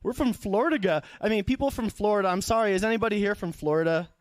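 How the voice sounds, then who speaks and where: A man's voice: high voice, rapid-fire, smooth, no echo. A young man performing a stand-up comedy set at a live show, rambling, profane and losing his thread.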